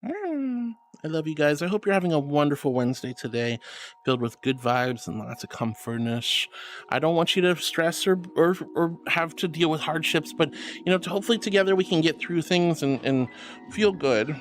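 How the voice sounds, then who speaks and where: An affectionate VTuber streamer chatting live with viewers, sprinkling endearments and giggly thanks. The voice sits at a middling pitch but leaps up and down in lively swings, with faint music playing underneath. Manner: affectionate, calls viewers sweetie and honey. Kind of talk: casual live-stream chat reading.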